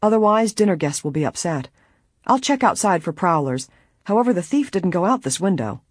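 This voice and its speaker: A storybook reader voicing a brisk young man who takes charge, breathy and energetic. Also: mid-range voice, no echo, studio quality, voice pushed up. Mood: urgent.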